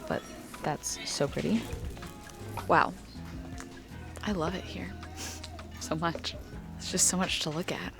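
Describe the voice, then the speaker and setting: A woman's voice: on the low side, normal speed, over music. A woman in her twenties with a light Southern American accent, telling stories in a casual, chatty vlog. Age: 20s. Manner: chatty, animated, lots of "like". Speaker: vlogger.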